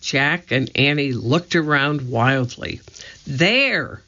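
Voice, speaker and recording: A man reading a children's storybook aloud, narrating slowly and deliberately. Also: mid-range voice, gravelly, sharp tone. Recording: dull lo-fi recording.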